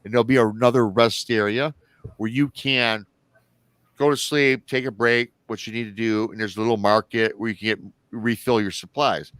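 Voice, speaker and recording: A man's voice: lowish voice, steady tone, moderate pace, fairly bright tone, dry recording, lightly acted. Man doing an odd folksy station clerk. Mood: warning.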